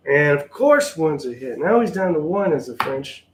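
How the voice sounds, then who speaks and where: A man's voice: fairly high pitch, very animated, normal speed, hardly any pauses, slight background noise. A man giving a wry, sarcastic play-by-play of his own solo tabletop wargame, sounding mildly exasperated. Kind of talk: casual play-by-play of a tabletop game.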